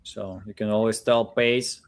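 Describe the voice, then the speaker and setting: A man's voice: fairly low pitch, fairly even intonation, a little slow. A man co-hosting a live stream in casual chat, thinking aloud in a loose, rambling way. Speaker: co-host of a live real estate stream.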